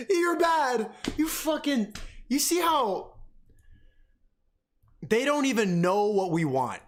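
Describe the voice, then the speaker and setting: A young man ranting excitedly and profanely while reacting to clips on a live stream. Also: high-pitched, slow.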